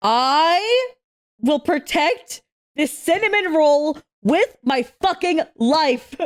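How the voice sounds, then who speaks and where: A young woman hosting an anime reaction, talking casually, swearing freely and shouting at the screen in excitement. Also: high voice, takes it slowly.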